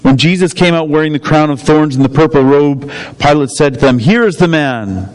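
A man reading a Bible passage aloud, steady and clear. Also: on the high side, fairly quick, poor audio. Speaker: scripture reader.

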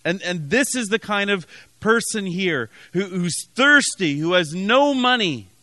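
A man's voice: high voice, animated, measured pace, bright, forceful tone, no echo. A man from Canada preaching a sermon as pastor, telling a story with many restarts and emphatic repetition.

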